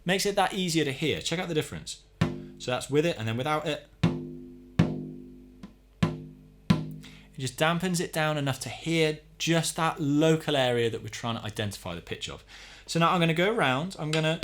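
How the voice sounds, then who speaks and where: A man giving a calm, methodical hands-on tutorial, explaining each step as he works on a drum. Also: on the high side, normal speed, pauses often, over loud music. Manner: calm, methodical, talks while working. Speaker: drum teacher.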